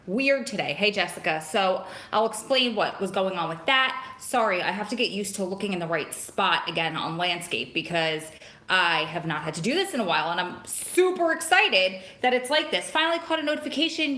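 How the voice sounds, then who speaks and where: A chatty woman talks into her phone on a live stream and rambles from one thing to the next. Her voice is bright and forward. The room around her is echoey. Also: medium pitch. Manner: greets viewers by name, chatty and rambling. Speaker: vlogger hosting a live stream. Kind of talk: casual live-stream chat. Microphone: phone camera.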